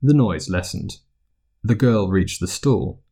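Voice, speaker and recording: A man narrating fiction aloud as an audiobook in an expressive storytelling manner. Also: on the low side, slow pace, slightly rough.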